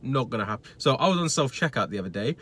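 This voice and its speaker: A young man telling a blunt, swearing rant about a customer at work, acting out the argument in a lively way. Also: medium pitch, very fast, husky. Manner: blunt, swearing, animated storytelling. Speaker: retail worker vlogger. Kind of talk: casual ranting story.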